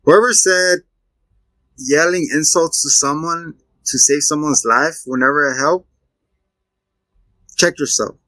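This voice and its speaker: A man chatting casually as a podcast co-host, retelling a film with animated character voices. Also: fairly high pitch, takes it slowly, pauses often, no echo, low-quality recording. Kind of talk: casual chat.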